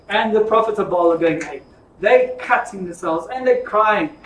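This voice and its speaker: A man teaching an informal Bible study, telling the stories in a lively, jokey way. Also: high voice, moderate pace. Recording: echoey room from far off.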